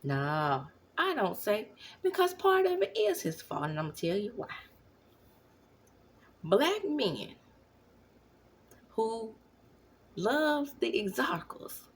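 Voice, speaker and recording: A woman in her thirties gives casual commentary at home at night. She talks slowly with a wide-ranging, animated pitch, and now and then slips into a whisper. A faint hum of the room sits behind her. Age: 30s. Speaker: vlogger.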